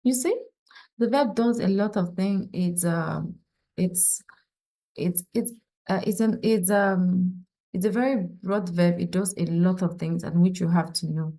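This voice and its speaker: A woman's voice: fairly low pitch, fairly even intonation, measured pace, dark tone. A woman teaching an online French lesson, patiently explaining and repeating example sentences, with some fillers and restarts. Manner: fillers and restarts when thinking.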